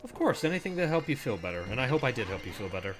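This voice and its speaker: A man's voice: mid-range voice, sing-song, very fast, music in the background. A man streaming a video game, chatting casually with lots of "like" fillers and goofy asides.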